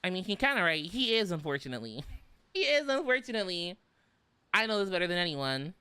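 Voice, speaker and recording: Giggly bright-voiced American young man. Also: sits high, animated, fast, smooth, no room sound. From southern United States. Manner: giggly, chatty, filler-heavy with many "like"s. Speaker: vtuber streamer. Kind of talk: casual livestream chat reading comments.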